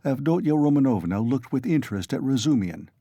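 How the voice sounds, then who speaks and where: A man narrating an audiobook with a steady, expressive reading. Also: medium pitch, fairly quick, no echo, lo-fi sound.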